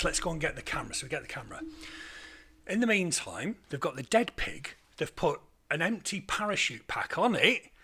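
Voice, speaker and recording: Male storyteller, gravelly bright voice, animated comic anecdote. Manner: animated, rising loud and high at the punchlines. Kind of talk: casual anecdote telling.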